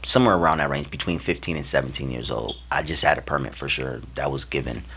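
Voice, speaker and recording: A young man from Minnesota telling a personal story to camera in a casual, slangy, animated way, swinging between loud and hushed. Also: a bass voice, fast talker, a little hiss or hum. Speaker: vlogger.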